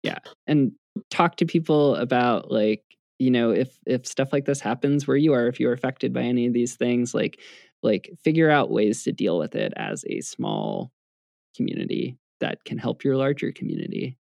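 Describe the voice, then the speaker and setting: Creaky-voiced man closing a podcast. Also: mid-range voice, expressive, normal speed, darkish tone, no echo. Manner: rambling, with frequent fillers and restarts. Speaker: podcast co-host. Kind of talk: casual podcast outro.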